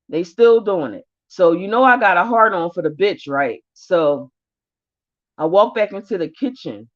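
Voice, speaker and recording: A woman's voice: fairly low pitch, animated, moderate pace, muffled recording. A woman vlogger telling a story of her own in blunt, profane, heated casual speech. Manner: profane, blunt, rising anger.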